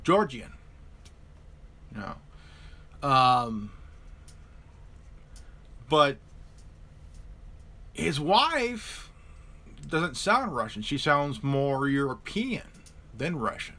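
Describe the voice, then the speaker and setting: A man's voice: medium pitch, sing-song, extremely slow, pauses often, bright, forceful tone. A man hosting a live stream, chatting casually about politics and stumbling over repeated words and restarts.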